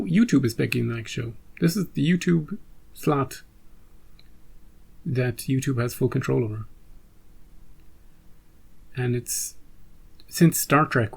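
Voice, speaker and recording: A man's voice: medium pitch, vocal fry, slightly rough. A man hosting a reaction channel, chatting casually with rambling asides and joking restarts.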